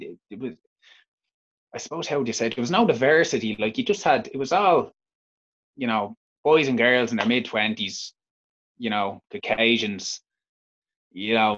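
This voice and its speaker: A man with a Dublin Irish accent speaks in a lowish voice, frank and unpolished, stumbling over restarts and fillers as he tells his own story in an interview. The recording sounds dull and lo-fi. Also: fairly bright tone. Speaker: interview guest. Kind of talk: candid personal storytelling.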